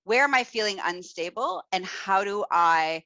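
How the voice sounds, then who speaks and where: A woman hosting a casual talk, speaking in an animated, expressive and blunt way. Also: mid-range voice, normal speed, dry recording, lo-fi sound. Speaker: podcast host. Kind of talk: casual chat.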